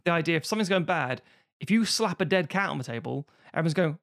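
A person chatting casually on a podcast, animated and profane, slipping into mock voices. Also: mid-range voice, fast talker, gravelly. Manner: animated, swears a lot, slips into mock voices.

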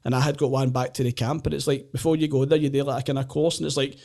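Lively Glaswegian man telling stories. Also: mid-range voice, very fast, vocal fry. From Glasgow, Scotland. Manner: animated, laughs often, acts out voices in anecdotes. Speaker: guest, comedian and former soldier. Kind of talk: casual storytelling chat.

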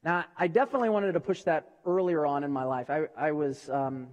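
High-voiced pastor in a reverberant hall. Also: male voice, fairly even intonation, darkish tone. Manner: chatty, halting, frequent restarts and repeated words. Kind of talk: conversational sermon. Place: church hall.

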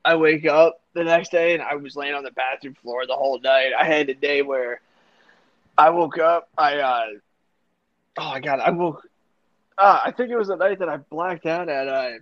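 A man's voice: a little high, no room sound. A man, podcast co-host, speaking in a casual chat with lots of hesitations and restarts. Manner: halting, full of uh and restarts. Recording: dry, dull lo-fi sound.

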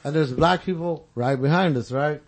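Podcast guy telling a rough story, lots of swearing, kinda high voice. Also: normal speed. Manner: profane, tells stories with acted-out quotes. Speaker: podcast co-host. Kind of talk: casual storytelling among friends.

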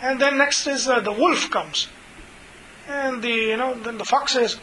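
A man's voice: very high-pitched, normal speed, sharp tone, a little hiss or hum, poor audio. A man teaching an informal scripture class, chatty, full of "you know" and retold stories. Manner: chatty, many fillers, retells stories.

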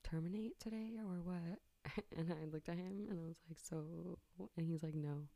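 Here a young woman with a low, dark, creaky voice chats casually through a personal story at normal speed. She's candid, curses a lot and laughs readily. Miked up close, the sound is dry, with no room tone.

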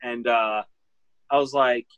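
Speaking slowly in a steady, mid-range voice that's a little bright, clear, and resonant, a 30-something man who runs a vintage clothing store recounts a story in a casual interview. He rambles, fills gaps with "like," and plays out quotes. The audio has no echo, but the highs are cut off.

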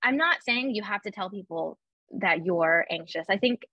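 A woman's voice: medium pitch, lively intonation, normal speed, dry recording, highs cut off. A young woman chatting casually and telling personal stories, full of "like" fillers and acting out her own quotes. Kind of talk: casual chat.

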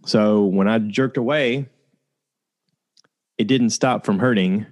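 Male podcast host, lower register, candid first-person storytelling, loose and conversational with fillers. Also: takes it slowly.

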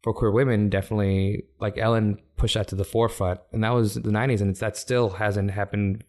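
A man from Africa, a stand-up comedian, talking casually as a guest, animated and laughing often, with many restarts. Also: fairly low pitch, brisk. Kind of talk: casual conversation.

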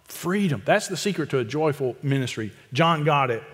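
Emphatic preacher in echoing hall. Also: male voice, fairly high pitch, animated. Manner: emphatic, repetitive preaching with quick asides. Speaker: pastor. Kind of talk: expository sermon.

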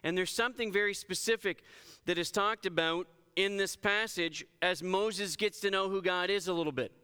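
A man's voice: high voice, moderate pace, bright, forceful tone, clean tone. A man, a pastor, giving a conversational sermon and reading scripture with emphasis. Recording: reverberant hall.

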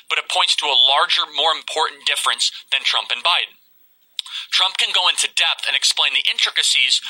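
A man giving political commentary, delivering emphatic, rhetorical lines in a steady stream. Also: a little high, poor audio.

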